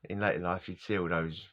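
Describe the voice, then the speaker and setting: A man's voice: low-pitched, fairly bright tone. A middle-aged man, telling rambling personal stories as a vlogger, casual and wandering, laughing often and losing his words. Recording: dull lo-fi recording.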